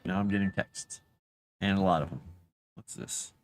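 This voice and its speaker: A man writing live on stream, thinking out loud and talking gently to his dog. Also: sits low, normal speed, a little hiss or hum. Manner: talks softly to his dog between musings. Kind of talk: casual live-stream chat.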